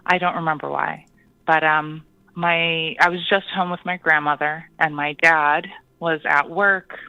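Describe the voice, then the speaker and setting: A caller on a call-in radio show recounts a spooky personal story, hesitant and full of pauses and ums. The voice sits at a middling pitch and sounds dry and muffled, as if heard down a dull phone line. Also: dry recording.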